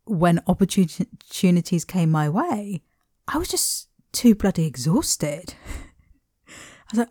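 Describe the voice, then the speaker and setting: A woman hosting a reflective solo podcast, meandering gently with soft laughs and whispered asides. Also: on the low side, sing-song, a little slow, no room sound, clean studio sound. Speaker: podcast host.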